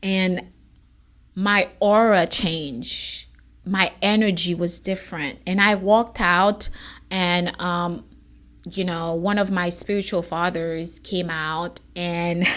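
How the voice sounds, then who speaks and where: Slow, earnest woman sharing a testimony. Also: lowish voice, fairly even intonation, a bit bright. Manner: emotional, near tears at times; earnest, encouraging. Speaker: podcast host, immigration attorney. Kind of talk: personal testimony monologue.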